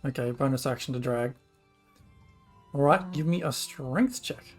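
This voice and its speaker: A man running a tabletop game as game master over an online call, relaxed and laughing along with his players. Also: medium pitch, unhurried, soft background music.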